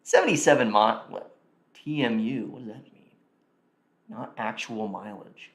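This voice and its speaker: A livestream host chats casually, thinking aloud and muttering quick reactions as he goes. His voice sits at an ordinary middle pitch, and the sound is roomy with a clear echo around him.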